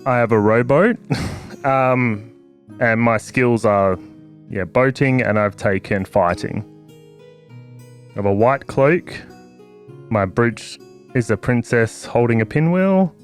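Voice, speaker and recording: A man's voice: medium pitch, slow pace, long pauses, soft background music. A man, a tabletop player, casually listing his character's stats with small laughs. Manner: relaxed, laughing between stat lists. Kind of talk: casual chat about a game character.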